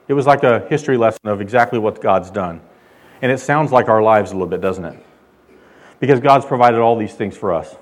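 Male pastor, emphatic sermon delivery, mid-pitched voice, swells in volume on key lines. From California. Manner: emphatic preaching, loud when quoting God.

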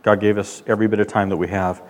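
A male pastor delivering a sermon, emphatic, rising and getting louder when he quotes God. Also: fairly low pitch, flat delivery, fast talker. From California. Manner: emphatic preaching, loud when quoting God.

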